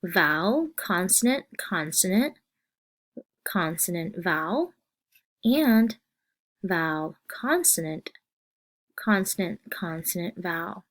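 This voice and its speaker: A woman teaching a phonics lesson, reading word lists slowly and deliberately and asking questions. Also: fairly low pitch, very animated. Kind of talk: slow, scripted phonics lesson.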